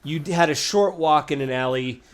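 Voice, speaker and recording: A man's voice: fairly high pitch, a little fast. A man narrating as game master of a tabletop game, casual and rambling, with many fillers.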